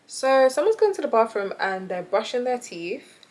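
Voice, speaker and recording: A woman's voice: a little high, normal speed. Chatty young woman telling a story. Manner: animated, chatty, laughs often. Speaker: vlogger. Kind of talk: casual storytime chat.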